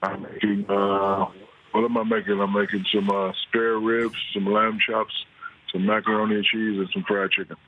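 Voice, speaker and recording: A man's voice: on the low side, little pitch movement, normal speed. A middle-aged man calling in from his home kitchen, talking in a laid-back way and repeating words while he finds his point. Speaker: guest on phone. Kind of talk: casual chat. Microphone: phone. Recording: tinny phone line with faint noise.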